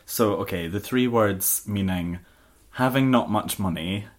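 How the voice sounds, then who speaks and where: Deep-voiced Scottish man chatting. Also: measured pace. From Scotland. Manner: chatty, laughs often, many fillers. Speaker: podcast co-host. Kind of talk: casual chat.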